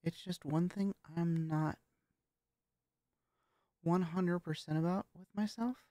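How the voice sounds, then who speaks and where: A woman chats about her voice practice in a casual vlog, pausing often and tossing in curse words. Her voice sits low and the pace is very slow. The room sounds dead dry. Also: steady tone, mellow, no echo. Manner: hesitant and halting, with frequent swearing. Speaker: vlogger practicing voice training.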